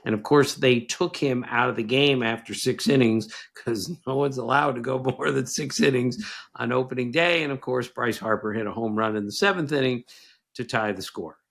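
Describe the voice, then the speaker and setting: A man's voice: mid-range voice, normal speed, vocal fry, a bit bright. An older man with a nasal voice co-hosting a casual podcast with his son, teasing him with quiz questions and rattling off stats. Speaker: podcast co-host, baseball writer.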